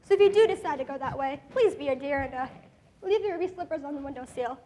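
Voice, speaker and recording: A cruel, cackling witch, played by a teenage girl on a school stage, with a very high, piercing voice. She mocks slowly and savours every threat. A faint hiss sits under the stage sound. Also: warm tone, natural voice. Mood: menacing. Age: teens. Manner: mocking, drawn-out taunts. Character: cruel cackling female witch, gloating and vicious. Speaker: student actor.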